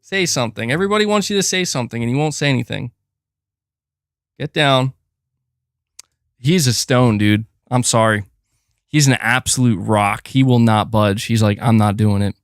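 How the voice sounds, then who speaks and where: A man's voice: mid-range voice, moderate pace, long pauses, clean tone, no room sound. A man hosting a casual gaming livestream, talking close to a desk mic and chatting loosely, often breaking off to coax his cat. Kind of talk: casual live-stream chat.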